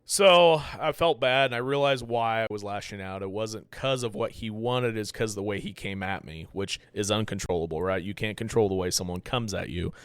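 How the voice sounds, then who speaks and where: A man's voice: on the low side, moderate pace, few pauses, a bit bright, smooth, no room sound, clean studio sound. A man hosting a podcast, talking candidly and a bit rambly about handling anger, swearing freely in casual chat. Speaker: podcast host. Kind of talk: casual self-reflective talk.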